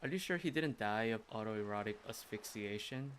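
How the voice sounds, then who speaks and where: Sarcastic, bright-voiced male streamer. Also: on the low side, expressive, fairly quick, slight background noise. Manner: sarcastic, swears, laughs often. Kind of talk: casual game stream commentary.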